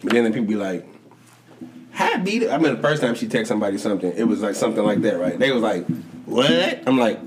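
A man co-hosting a casual sports chat, telling stories animatedly, jumping into high voices to act out quotes and laughing often. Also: very fast, few pauses, background noise. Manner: animated storytelling, acts out quotes with big pitch jumps, swears a lot. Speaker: podcast co-host.

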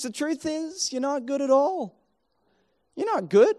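A man preaching a sermon in a lively, animated way, acting out everyday voices as he tells stories. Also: very high voice. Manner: animated, acts out quoted voices. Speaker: pastor.

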